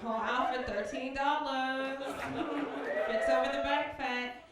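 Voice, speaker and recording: A woman doing a brash, loud, profane stand-up set on a comedy club stage. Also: high voice, fairly even intonation, a little slow, a loud crowd. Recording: distant echoey club recording with loud hiss.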